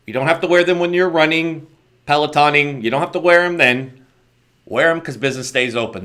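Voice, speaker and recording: A man's voice: mid-range voice, a bit bright. A middle-aged American man hosting an interview podcast, talking in a rambling, opinionated way with joking asides. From United States. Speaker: podcast host. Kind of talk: casual interview chat.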